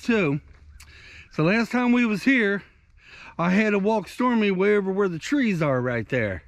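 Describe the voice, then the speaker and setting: A man's voice: high-pitched, dry recording. A man vlogging outdoors on a country walk, telling a rambling, conversational story to his viewers. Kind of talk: casual storytelling while walking.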